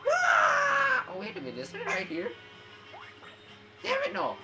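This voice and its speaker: Game music runs beneath a woman's medium-pitched, gravelly voice, which swoops wildly in pitch at a normal speed. Commentating her let's play in a hyper way, she shrieks and curses at the game.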